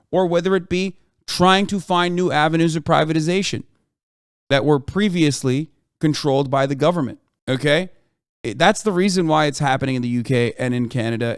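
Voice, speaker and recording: Male streamer, heated commentary, blunt and argumentative, somewhat high voice, smooth and dry. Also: no room sound. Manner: argumentative and blunt, swears freely. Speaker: live streamer.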